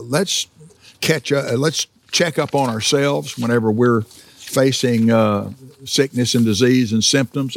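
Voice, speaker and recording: A male preacher with a gravelly, husky voice delivers a storytelling sermon. He talks in a mid-pitched tone full of "uh"s and restarts, and now and then he acts out laughter. The sound is dry and close, with no room echo. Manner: storytelling with many fillers and restarts; acts out laughter while telling stories. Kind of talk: sermon teaching.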